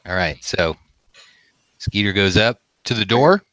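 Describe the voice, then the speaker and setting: A man narrating as game master, calmly describing what the characters do step by step. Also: lowish voice, measured pace, no echo. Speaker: dungeon master.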